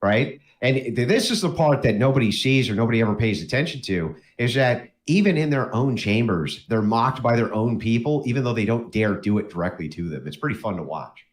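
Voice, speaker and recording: A man's voice: medium pitch, expressive, a little fast, few pauses. A man in casual political chat, telling stories with mocking put-on quotes. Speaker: guest commentator.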